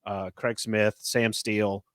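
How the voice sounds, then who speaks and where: A man hosting a casual sports podcast, talking in an animated, rambling way with lots of filler words. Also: lowish voice, slow, clear, resonant tone, no room sound, clean studio sound. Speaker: podcast host.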